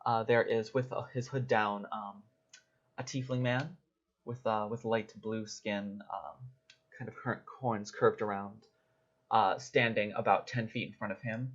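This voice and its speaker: A man's voice: lowish voice, fairly even intonation, unhurried. A man narrating a tabletop game as game master, hesitant and full of fillers. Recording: dull lo-fi recording.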